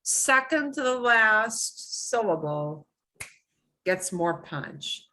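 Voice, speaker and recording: Slow-talking woman teaching a lesson. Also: medium pitch, very animated, sharp tone. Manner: explains patiently, with repetition and emphatic examples. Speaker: Spanish teacher. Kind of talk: online language lesson.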